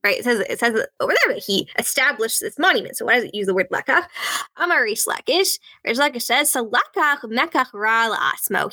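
A woman's voice: on the high side, bright, forceful tone, no room sound. A woman teaching a religious study lesson, walking through verses step by step, translating them and checking in with "right?". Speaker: Talmud teacher. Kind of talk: text-based study lesson.

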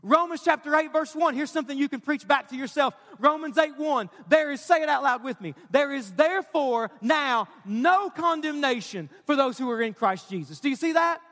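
Man, pastor, emphatic sermon, high-pitched, reverberant hall. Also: animated, moderate pace, hardly any pauses, fairly bright tone. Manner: urgent, emphatic preaching to a congregation. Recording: live hall with long reverb.

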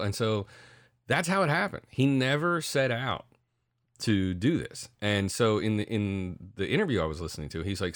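A middle-aged man co-hosting a podcast, telling stories in a casual, profane, animated way. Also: on the low side, normal speed, no room sound, clean studio sound. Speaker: podcast co-host. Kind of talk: casual chat.

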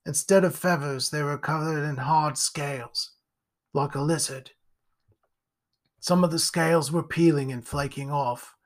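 A man narrating a horror story in a slow, deliberate storytelling manner. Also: fairly high pitch, steady tone.

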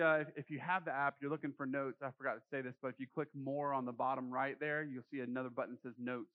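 Man, young adult, pastor, sermon, conversational, jokey, somewhat high voice, muffled recording. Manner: conversational and joking, acting out quoted voices. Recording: muffled lo-fi sound.

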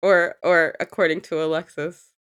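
A young woman co-hosting a casual podcast, hoarse from a cold, swearing and joking freely. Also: low voice, flat delivery, moderate pace, a bit bright, no echo. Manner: profane, joking, laughs often. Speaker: podcast co-host.

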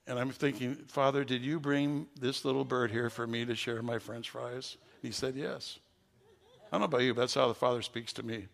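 An older man, a pastor with a gravelly voice, preaching a sermon with folksy stories that rise into fervent preaching. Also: medium pitch, fairly even intonation, moderate pace, in a large hall.

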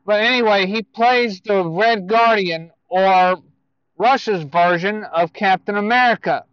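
A man giving casual movie news to viewers, speaking in a halting way with self-corrections and asides. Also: sits high, clear, resonant tone, no echo, lo-fi sound.

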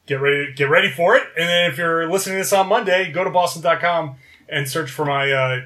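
Fast-talking, with a fairly high, bright, forceful voice, this podcast co-host runs through stats on a casual sports show and keeps correcting himself along the way.

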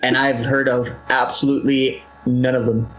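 A man in casual chat, making relaxed, matter-of-fact remarks. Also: mid-range voice, moderate pace, muffled recording. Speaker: podcast co-host.

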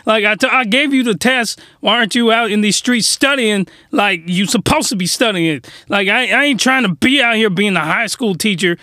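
A man's voice: high voice, moderate pace, few pauses, bright, forceful tone, no echo, clean studio sound. A man putting on a young female teacher who insults her class in mocking, exaggerated slang. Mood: scolding.

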